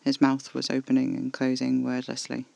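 A man reading scripted first-person horror narration in a measured, level way, close to the mic. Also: mid-range voice, monotone, creaky, mellow, dry recording, low-quality recording.

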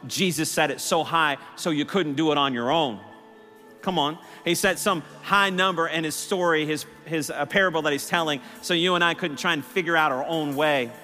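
A man's voice: normal speed, soft background music. Impassioned male pastor in a reverberant hall. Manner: impassioned, rises loud and high on key lines. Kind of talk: sermon. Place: church sanctuary.

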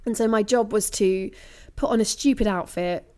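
A woman in her thirties, a comedian being interviewed, talking candidly and reflectively, often lively and laughing. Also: mid-range voice, normal speed.

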